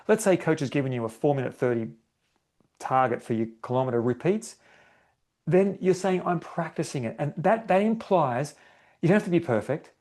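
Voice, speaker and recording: A man's voice: a little high, expressive, moderate pace, a little mellow. A man hosting a solo running podcast, talking casually and acting out bits of self-talk, often tagging his sentences with "right?". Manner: conversational, acts out inner self-talk, often adds "right?". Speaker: podcast host, running coach.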